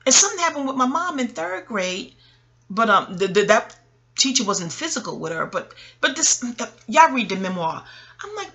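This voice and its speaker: A woman's voice: fairly high pitch, very animated, moderate pace, a bit bright. A woman vlogger talking in a casual, rambling monologue. She is candid and profane, goes off on tangents and laughs often.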